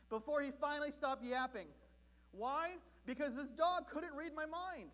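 Man from Southern California, pastor, sermon, animated comic storytelling, very high pitch. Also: normal speed.

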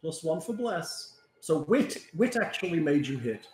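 A man's voice: on the high side, very animated, unhurried, darkish tone. A man running a tabletop game as game master, teasing his players in a wry way.

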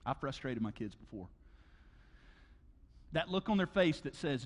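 A man preaching a sermon as pastor, conversational and animated, acting out stories with sound effects. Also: medium pitch, a little slow, long pauses, big-room sound. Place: church auditorium.

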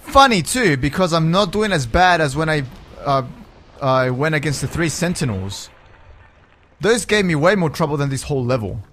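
A young man narrating his own video game play, swearing often and swinging between calm remarks and frustrated yells. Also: on the high side, normal speed, slight background noise. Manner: swears a lot. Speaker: gaming YouTuber. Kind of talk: Let's Play commentary.

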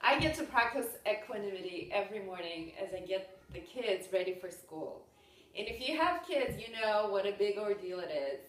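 A woman speaking in an earnest, steady way, calmly listing the details of her daily routine. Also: medium pitch, normal speed. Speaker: mother and yoga practitioner. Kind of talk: casual reflective talk. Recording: roomy, from a distance.

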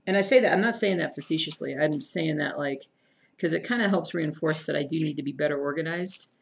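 This cross-stitch streamer talks a little fast in a low, creaky, slightly bright voice. Chatty and self-deprecating, she reads viewer comments and mutters to herself while searching for thread as she stitches.

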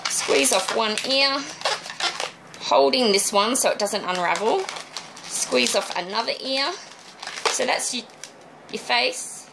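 Aussie lady showing how to twist balloons, slow and chatty, pitch jumps around a lot, noisy room. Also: vocal fry. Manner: chatty, friendly step-by-step instructions. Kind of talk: casual demonstration tutorial.

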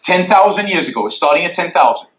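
A man with a high, bright, forceful voice gives an emphatic answer in a lecture Q&A. He drives his points home with repeated rhetorical questions. The sound is roomy and echoey, as from a lecture hall. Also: lively intonation, quick pace. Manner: emphatic, drawing graphs in the air for the audience.

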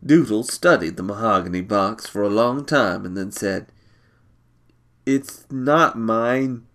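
A man reading a short story aloud, measured and unhurried. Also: on the low side, fairly bright tone.

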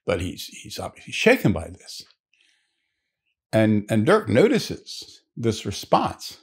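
A man's voice: on the low side, huge pitch swings, slow, breathy edge. A man telling a long joke story in a leisurely, conversational way, with asides to the listener.

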